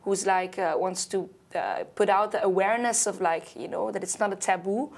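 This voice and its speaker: Brief: young woman, relaxed chatty guest, mid-pitched voice, lots of "you know" and fillers. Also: moderate pace, vocal fry. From Belgium. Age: young adult. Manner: loose, chatty, many fillers and small grammar slips. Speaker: singer, interview guest. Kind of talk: casual interview chat.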